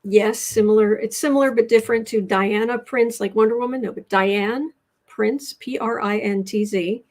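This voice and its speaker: An American woman hosts a casual tarot livestream, chatting and restarting sentences as she reads cards and the chat. Her voice is fairly high and a little mellow, with fairly even intonation at normal speed.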